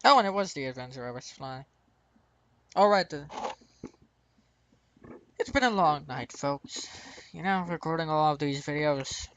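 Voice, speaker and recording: A man's voice: a little high, animated, measured pace, long pauses, a bit bright, dull audio. An American man hosting his gaming channel, rambling through casual gameplay commentary and chuckling at his own mistakes. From United States.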